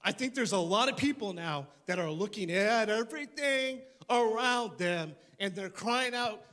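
A man preaching a sermon as pastor before a church congregation, animated, with joking asides and frequent restarts. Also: high voice, moderate pace, few pauses.

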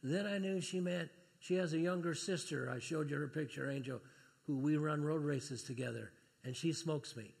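Husky gravelly preacher guy telling family stories, echoey hall. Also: a little high, moderate pace. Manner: storytelling, rises to loud excited preaching. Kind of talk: sermon with personal stories.

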